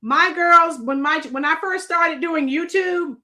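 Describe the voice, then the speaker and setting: A woman's voice: very high voice, unhurried, sharp tone. A middle-aged woman from Florida hosts a live stream in casual chat, rambling and answering viewers' comments by name.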